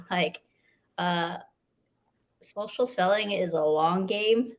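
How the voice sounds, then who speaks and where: A woman co-hosting a live chat, relaxed, laughing often and trailing off mid-thought. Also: on the low side, slow.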